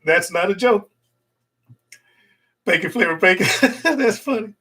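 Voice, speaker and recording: A middle-aged man hosts a relaxed livestream chat from home, talking into a desktop USB mic as he rambles, jokes with viewers, and laughs a lot. His voice is high and animated, a bit slow, with a sharp tone and a breathy edge.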